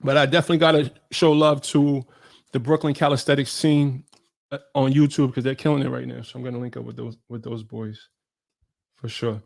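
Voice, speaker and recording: A man's voice: medium pitch, fairly even intonation, a little fast, creaky. A man from New York hosting a casual live Q&A stream, talking loosely in slang and greeting viewers by name. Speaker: fitness creator hosting a live Q&A. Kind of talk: casual livestream chat.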